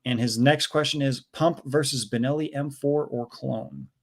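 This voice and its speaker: A man's voice: medium pitch, steady tone, normal speed, vocal fry. A man hosting a casual livestream, reading viewer chat messages aloud and reacting with chuckles. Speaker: livestream host reading chats. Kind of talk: casual live-stream chat.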